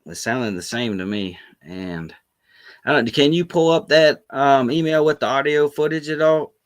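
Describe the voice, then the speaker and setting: A man, a guest on a live video-call chat who tells stories in an animated, laughing way. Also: mid-range voice, normal speed, no room sound. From Florida Panhandle, US. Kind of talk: casual live-stream chat. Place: remote, joining a video call.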